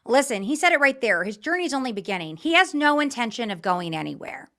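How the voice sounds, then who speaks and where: A woman's voice: on the high side, big pitch swings, quick pace, sharp tone. A middle-aged woman hosting a political talk show, ranting in fiery, impassioned commentary.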